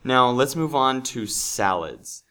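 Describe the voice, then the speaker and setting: Man, podcast host, upbeat, chatty, slow-paced. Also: medium pitch, animated, a bit bright. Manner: upbeat, chatty, full of fillers and restarts. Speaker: English teacher and podcast host. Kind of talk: casual podcast chat.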